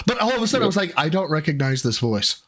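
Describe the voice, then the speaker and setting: A man's voice: fairly high pitch, sing-song, quick pace, a loud crowd. A man hosting a casual online talk show, joking and acting out phone calls with lots of laughter. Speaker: podcast host. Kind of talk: casual chat.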